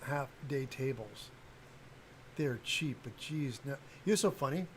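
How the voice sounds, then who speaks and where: A man's voice: mid-range voice, animated, unhurried, a little hiss or hum, poor audio. Blunt, rambling older man. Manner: blunt, rambling, frequent fillers and restarts. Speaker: livestream host, cosplay prop maker. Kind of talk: casual livestream chat.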